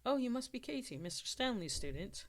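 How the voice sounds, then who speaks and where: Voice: medium pitch, sing-song, brisk, voice pushed up. A reader voicing a refined woman who teaches horticulture, courteous and formal in speech.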